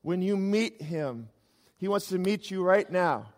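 A man's voice: sits high, a little slow. Man preaching in a reverberant hall. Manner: animated preaching, swings between loud emphasis and quiet asides. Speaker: pastor. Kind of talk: sermon.

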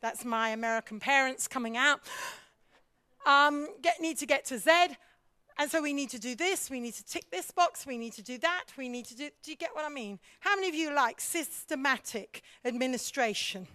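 A lively woman speaks in a high voice, teaching a congregation about leadership. She fires questions at her listeners and acts out other people's voices as she goes. The sound is dry and close, with no room echo. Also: normal speed, smooth. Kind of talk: church teaching talk.

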